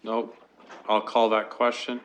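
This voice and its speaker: A man's voice: on the low side, completely flat delivery, measured pace. A man chairing a council committee meeting, speaking hesitantly with fillers into a desk microphone in a council chamber.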